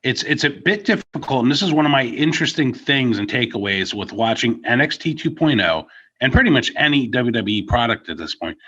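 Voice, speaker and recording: A man's voice: mid-range voice, expressive, a little fast, a bit bright, slightly rough. Wry sarcastic man on slightly dull audio. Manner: wry, sarcastic, frequent laughter. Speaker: wrestling podcast co-host. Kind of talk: casual chat.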